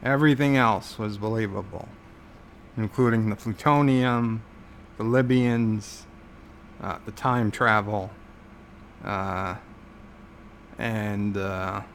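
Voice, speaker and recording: Slow, gravelly-voiced man rambling sarcastically. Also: fairly low pitch, slight background noise. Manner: rambling, sarcastic, many filler words. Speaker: livestream host. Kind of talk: casual livestream chat.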